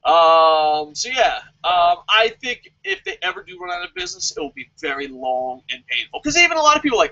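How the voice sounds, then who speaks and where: Bright-voiced, sarcastic man ranting. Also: high-pitched, a little fast, creaky, hardly any pauses, dull audio. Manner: animated, sarcastic and profane. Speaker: wrestling vlog host answering viewer questions. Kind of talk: casual opinionated commentary.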